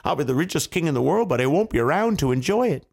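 A man's voice: a little high, lively intonation, quick pace, vocal fry, a little mellow, breathy edge, heavily acted. Man doing a whiny, panicky king. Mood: anguished. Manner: yelps and wails in pain.

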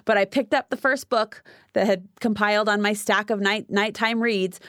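A woman podcast host with a mid-pitched voice, chatty and warmly affirming with her guest. Her voice sounds dry and close to the mic. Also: fairly even intonation, moderate pace, dry recording. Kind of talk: interview conversation.

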